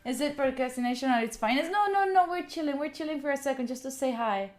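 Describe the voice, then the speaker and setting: A young woman, chatting excitedly with viewers on a live stream and thanking them by name. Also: sits high, fast talker. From Italy. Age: young adult. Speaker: study streamer. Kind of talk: casual live-stream chat.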